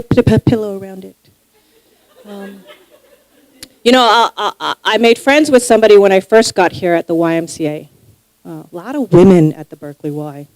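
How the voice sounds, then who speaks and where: A woman from New York doing a stand-up set. She talks haltingly, repeating herself and restarting her sentences. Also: medium pitch, a little mellow, no room sound, rough recording. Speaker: stand-up comic. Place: stage before a live audience.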